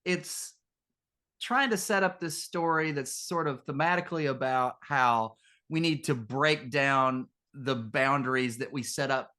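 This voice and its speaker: A man's voice: mid-range voice, unhurried, sharp tone. A man co-hosting a casual film discussion podcast, critical and laughing often. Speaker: podcast co-host.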